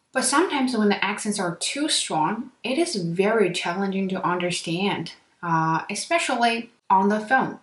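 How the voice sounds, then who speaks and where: A woman hosting an English-lesson podcast. She talks fast and lively and speaks straight to her listeners. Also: medium pitch. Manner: fast-talking, lively, addresses listeners directly. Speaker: English teacher and podcast host. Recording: echoey room.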